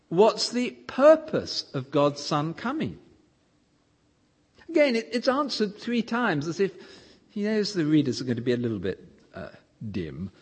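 A man's voice: a little high, slightly rough. A man preaching a sermon in an emphatic way, his voice rising and falling to stress points.

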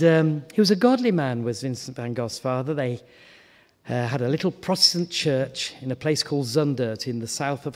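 Chatty preacher in a reverberant hall. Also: male voice, mid-range voice. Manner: conversational, repeats words, rises to animated questions. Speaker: guest preacher. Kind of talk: informal sermon. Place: church hall.

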